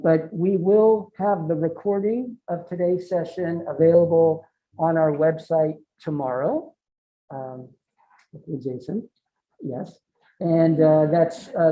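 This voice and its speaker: A woman's voice: low-pitched, unhurried, narrow, tinny audio. A woman moderating a live event, politely wrapping up and making announcements. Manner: polite, procedural. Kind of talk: hosting announcements.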